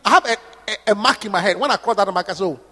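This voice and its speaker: A man preaching a sermon, emphatic, pausing for his interpreter and repeating questions to the congregation. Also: high-pitched, bright, forceful tone. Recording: echoey hall.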